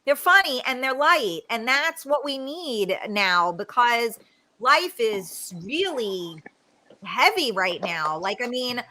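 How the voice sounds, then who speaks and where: A woman hosts a live talk show over a video call, with a regional American accent and a high voice. She talks bluntly, swears often and giggles easily, and she keeps an unhurried pace with a bright, forceful tone. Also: lively intonation.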